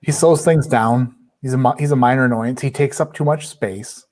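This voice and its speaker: A man's voice: medium pitch, normal speed, darkish tone. A man on a podcast, chatting casually with friends in a dry, self-mocking way. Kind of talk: casual chat among friends.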